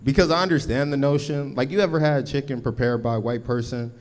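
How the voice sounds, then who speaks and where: A man from Los Angeles performs a stand-up set before a live audience, his mid-range voice fast and somewhat dark. His delivery is laid-back and punchy, peppered with slangy asides.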